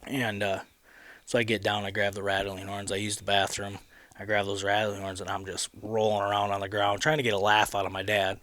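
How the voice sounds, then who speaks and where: A podcast host with a Midwestern American accent tells a rambling story in casual conversation, animatedly retelling it and restarting often. He speaks a little fast in a lowish voice.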